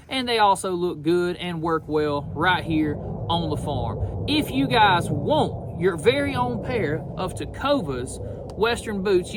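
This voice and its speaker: A man's voice: high voice, background noise. A man talks casually and folksily on a farm, doing a sponsor read and then explaining his young logging horses. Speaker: farm vlogger. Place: outdoors on a farm, by a barn.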